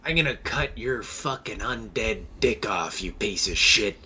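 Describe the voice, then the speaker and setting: A man's voice: on the low side, animated, a little slow, pushed and bright, slight background noise, full character voice. A man voicing a furious male dwarf fighter who swears and hurls insults.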